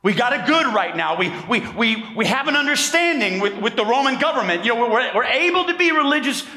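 A man's voice: very high-pitched, expressive, fairly quick, bright, forceful tone, echoey room, in a large hall, voice pushed up, heavily acted. A man voicing nervous male religious leaders who stammer and plead anxiously.

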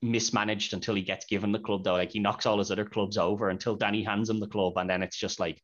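A man's voice: lowish voice, flat delivery, quick pace. A man hosting a podcast, chatting casually about a film and retelling scenes with quoted lines. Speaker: podcast host. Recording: dull lo-fi podcast audio.

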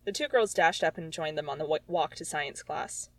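A woman with a low-pitched voice reads her own childhood story aloud at a moderate pace, barely pausing. She adds sarcastic, exasperated comic asides, and the recording is dry and low-quality.

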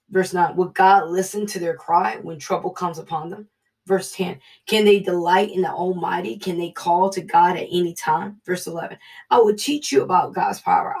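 A Bible study leader reading scripture and telling a personal testimony, earnest and halting, dropping to a hushed voice. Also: medium pitch, gravelly, far from the mic.

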